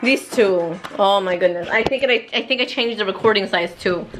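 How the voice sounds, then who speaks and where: A young woman chatting casually at home as a family vlogger, excitable and quick to laugh. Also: medium pitch, over music, low-quality recording. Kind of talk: casual chat.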